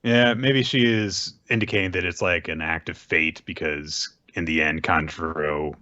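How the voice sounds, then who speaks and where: A man's voice: low-pitched, steady tone, bright, forceful tone. A man co-hosting a podcast, chatting casually and laughing as he recaps a comic. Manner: laughing, quick to slip into voices. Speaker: podcast co-host. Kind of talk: casual chat, recapping manga. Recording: dull lo-fi podcast audio.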